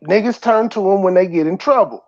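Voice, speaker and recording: A man hosting a casual livestream, ranting in animated, profane bursts and laughing at himself. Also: sits high, fairly quick, gravelly, muffled recording. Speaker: host.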